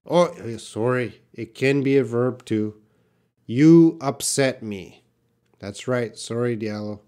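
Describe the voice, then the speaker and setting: A man's voice: mid-range voice, takes it slowly, mellow. A man teaching English in a live question-and-answer stream, reading out viewer questions and explaining with patient restarts and fillers. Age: young adult.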